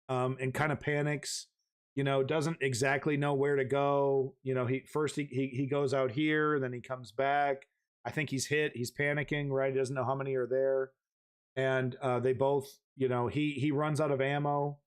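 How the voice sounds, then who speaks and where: A man's voice: mid-range voice, clear, resonant tone. A man hosts a live news commentary stream in an everyday mid-range voice. He rambles, repeats himself and restarts his sentences, then presses his points with emphatic asides and the occasional curse.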